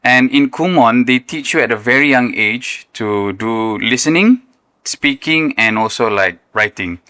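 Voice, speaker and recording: Man, young adult, Malaysian accent, bright voice, animated, casual interview guest. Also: mid-range voice, unhurried, clear, resonant tone, dry recording. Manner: animated, laughs often, mimics accents. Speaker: guest, content creator.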